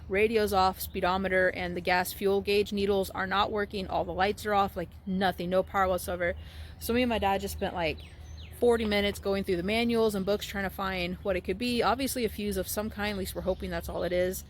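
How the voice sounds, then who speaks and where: A woman's voice: mid-range voice, slight background noise. A young woman vlogging in a casual, rambling way, anxious and restarting her sentences often. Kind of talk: casual vlog monologue. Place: at home, indoors and by the car outside.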